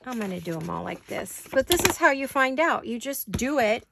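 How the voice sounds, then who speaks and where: Chatty woman with a gravelly voice. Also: fairly high pitch, very animated, normal speed, heavy background noise. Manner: chatty, rambling, self-correcting. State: has the hiccups. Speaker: crafting channel host. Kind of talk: casual crafting tutorial chat. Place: home craft studio.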